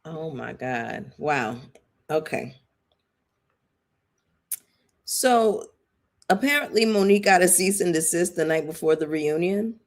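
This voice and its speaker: A woman with a slightly low voice hosts a casual live-stream, commenting on a reality show. She talks in a chatty, emphatic way, speaking straight to her viewers as if they were friends. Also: lively intonation, measured pace. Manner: chatty, emphatic, addresses viewers as y'all and girl.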